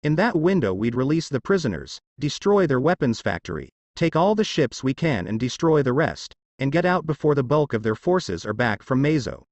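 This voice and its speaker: A man's voice: medium pitch, big pitch swings, moderate pace, hardly any pauses, darkish tone, no echo, close to an everyday voice. A man voicing a grieving, hot-headed young male soldier in a fan story reading, swearing and stammering. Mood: hesitant.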